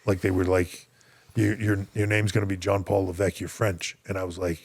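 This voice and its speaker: A man's voice: low voice, fairly quick, creaky, breathy edge. A man, casually telling anecdotes as a podcast guest, chuckling as he goes. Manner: relaxed anecdotal storytelling with chuckles. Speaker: guest, former wrestler. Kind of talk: casual storytelling.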